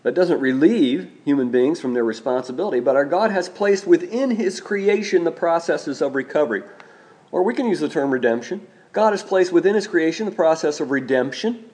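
Man preaching a measured sermon. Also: fairly high pitch, darkish tone. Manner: measured preaching, slows for emphasis and repeats key phrases.

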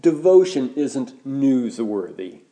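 A man preaching a sermon as a pastor, measured and deliberate, slowing down to stress key words. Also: medium pitch, very animated, mellow.

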